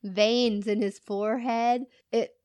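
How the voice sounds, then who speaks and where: A woman's voice: fairly high pitch, steady tone, takes it slowly, a little mellow, clear, resonant tone, no echo. A woman chatting casually, adding her own stories and laughing often. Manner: laughs a lot, chimes in with reactions. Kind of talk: casual chat.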